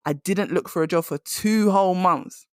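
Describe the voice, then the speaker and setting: A woman's voice: on the low side, normal speed, no room sound, studio quality. A woman hosting a podcast, giving direct, emphatic career advice in a casual monologue. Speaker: career coach and podcast host.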